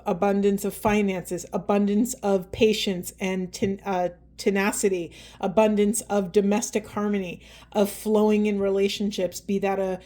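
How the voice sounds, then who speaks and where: A woman's voice: medium pitch, dark tone, slight background noise. A woman giving a heartfelt spiritual card reading, speaking directly and earnestly to her viewers. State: tearful and emotional. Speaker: tarot and oracle card reader.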